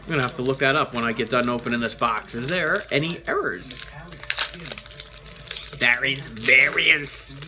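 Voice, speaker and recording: A man's voice: medium pitch, lively intonation, quick pace, few pauses, noisy background. A man hosting a toy show, chatting casually as he reads out names and makes joking asides. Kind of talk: casual card-opening chat.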